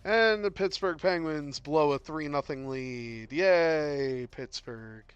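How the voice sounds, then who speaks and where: A tired man commentating a tabletop game on his stream, talking in a relaxed, rambling way with frequent fillers. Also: a little high, slow pace, clean tone, dry recording, lo-fi sound, soft background music.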